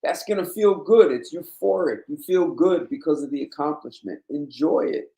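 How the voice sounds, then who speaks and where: A man's voice: a little high, lively intonation, normal speed, mellow. A man hosting a blunt, emphatic monologue in a casual, lecturing way. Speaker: host. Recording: roomy echo.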